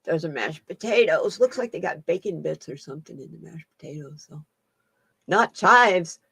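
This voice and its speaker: A woman's voice: low voice, animated, moderate pace, gravelly, a bit bright, husky, no room sound. A woman hosting a casual live-stream chat as a card reader, folksy and laughing often.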